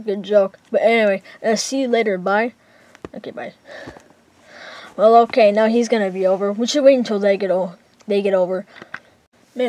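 A woman's voice: mid-range voice, darkish tone, dry recording. A woman narrating and voicing characters in a casual homemade toy skit, rambling with many fillers.

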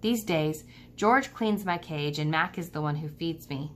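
A woman teacher reading a children's book aloud to students, telling the story in a calm, steady way. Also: low voice, a little slow, slight background noise.

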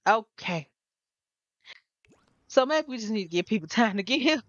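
Animated woman with lively, swooping pitch. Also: moderate pace, long pauses, no room sound, dull audio. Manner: animated, exasperated, talks to viewers. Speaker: gameplay commentator. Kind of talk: casual gameplay commentary.

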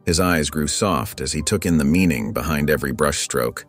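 A man narrating a scripted story in a calm, measured way. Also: rumbling low. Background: faint background music.

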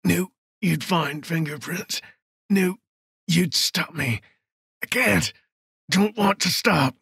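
A man's voice: fairly high pitch, slow, creaky, fairly bright tone, slightly rough, dry recording, clean studio sound, voice pushed up, heavily acted. A man voicing a deranged male serial killer who speaks in breathless, gloating, sing-song fragments.

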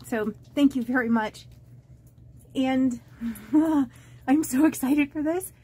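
Woman budgeting vlogger, high and unhurried, rambling with lots of ums, gushing unboxing chat. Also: darkish tone, husky. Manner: halting and rambling, with many fillers and restarts; gushing and easily moved. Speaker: budgeting vlogger opening fan mail. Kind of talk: casual unboxing chat to camera.

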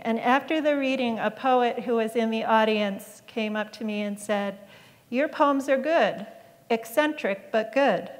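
A middle-aged woman poet reading and introducing her poems in a wry, hesitant way, with frequent ums between lines. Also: a little high. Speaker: poet giving a talk. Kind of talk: poetry reading with commentary. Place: lecture hall. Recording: long hall reverb.

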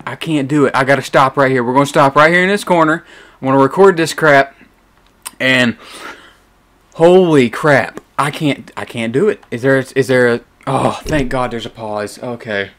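A young man with a bright voice, playing a horror game and narrating aloud. He shouts in fright, mutters to himself, and talks close to a desk mic at home. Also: medium pitch. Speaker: gaming YouTuber.

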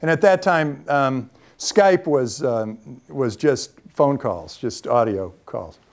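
A man who is a venture capitalist, telling lively anecdotes in a talk to students, with frequent ums and restarts. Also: mid-range voice, slow pace. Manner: lively storyteller who acts out quoted dialogue.

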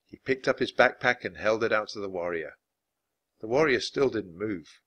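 Male storyteller for a children's book read-aloud, bright and lively, expressive delivery. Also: fairly low pitch, moderate pace. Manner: expressive, animated narration. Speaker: dad reading aloud.

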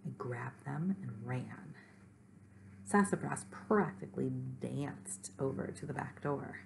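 A woman reading a children's chapter book aloud, gently and slowly, adding chatty asides to her listeners and at times dropping to a whisper. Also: a bass voice, creaky, slight background noise. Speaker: reader. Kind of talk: storybook read-aloud for children.

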